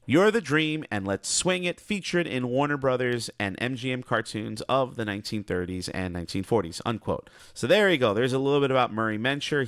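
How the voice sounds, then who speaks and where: A man's voice: no room sound, clean studio sound. A young man from New Jersey hosting an animation review, reading his notes with chatty asides. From New Jersey, USA. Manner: chatty, wandering asides, lively pitch jumps. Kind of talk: scripted commentary mixed with casual asides.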